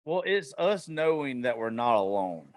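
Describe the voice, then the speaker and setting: A man hosting a podcast who chats casually in an excitable, profane way, throwing in quick asides. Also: medium pitch. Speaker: podcast host. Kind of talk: casual chat.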